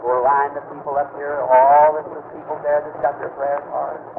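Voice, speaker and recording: A man's voice: fairly high pitch, level tone, normal speed, vocal fry. Male preacher, folksy storyteller, emphatic; hissy lo-fi phone-thin recording. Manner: folksy storytelling, retells conversations; earnest, emphatic preaching cadence. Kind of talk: sermon storytelling. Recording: tinny lo-fi old recording with noise.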